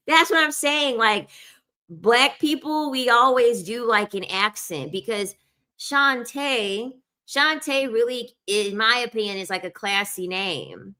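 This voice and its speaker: A woman's voice: a little high, unhurried, pushed and bright. A woman chatting casually to her viewers, emphatic and repeating herself, laughing often. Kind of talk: casual chat to camera.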